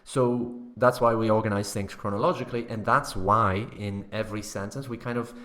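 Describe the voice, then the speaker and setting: A man's voice: fairly low pitch, fairly even intonation, a little fast, fairly bright tone. A man teaching academic writing in a recorded online course lecture, explaining step by step and often checking in with tag questions and fillers.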